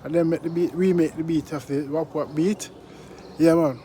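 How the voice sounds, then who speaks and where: A Jamaican man vlogging straight to his viewers, his voice pitched high for a man. He sounds indignant and preachy and slides into thick patois. A faint hiss sits under the recording. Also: fairly even intonation, moderate pace, mellow. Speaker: vlogger and song reviewer. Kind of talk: casual commentary to camera.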